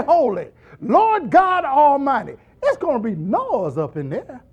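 Male pastor, animated pulpit delivery with call-and-response, wide swinging pitch, builds to shouts. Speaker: preacher. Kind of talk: sermon.

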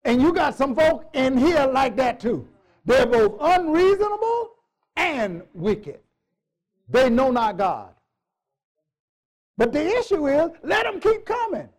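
A man's voice: very high-pitched, very animated, slow, long pauses. A male pastor preaching a sermon in a church, emphatic, repeating phrases and joking with the congregation.

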